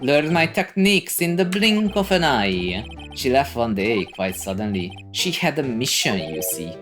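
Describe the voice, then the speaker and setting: A woman's voice: very deep voice, sing-song, music in the background, heavily acted. A woman voicing a pompous old lawyer. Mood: boastful. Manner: grand, drawn-out theatrical delivery. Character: pompous old male lawyer, evasive and blustery.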